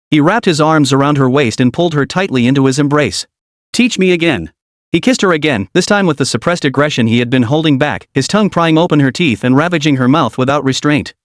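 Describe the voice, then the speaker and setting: A man's voice: fairly high pitch, no room sound, studio quality. Man narrating a story recap.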